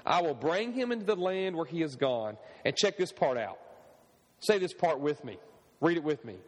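Man, pastor, sermon, slightly high voice, animated call-and-response preaching, church sanctuary, long reverb. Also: normal speed.

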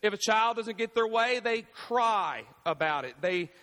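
Animated preacher, man, sharp tone, lots of call-and-response, roomy church reverb. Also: high-pitched, a little slow. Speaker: pastor. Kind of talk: sermon. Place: church sanctuary. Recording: echoey church hall.

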